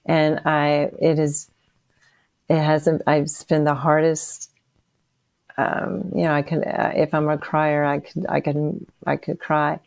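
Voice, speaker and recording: Podcast guest: a woman in her sixties with a low, gravelly voice, halting and emotional as she tells her testimony. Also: level tone, a little mellow, dry recording. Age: 60s. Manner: halting and emotional, with frequent restarts. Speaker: interview guest. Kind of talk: personal testimony in a podcast interview.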